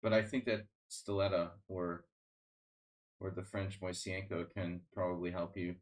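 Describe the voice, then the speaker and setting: A man with a somewhat low voice talks casually to his stream viewers while he plays chess. His talk rambles, with a sardonic edge and plenty of restarts and fillers. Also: flat delivery, a little slow. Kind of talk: casual live-stream chat.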